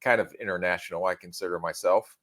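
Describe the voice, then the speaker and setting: A man co-hosting a podcast, giving measured analysis with self-deprecating humor. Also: low voice, steady tone, a bit bright. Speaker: podcast co-host and draft analyst. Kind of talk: casual podcast chat.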